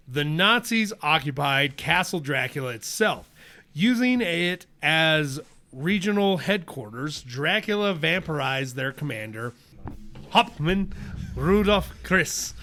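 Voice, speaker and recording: A man co-hosting a casual podcast, animated and laughing often as he reads his notes aloud. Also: fairly high pitch. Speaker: podcast co-host. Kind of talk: casual chat.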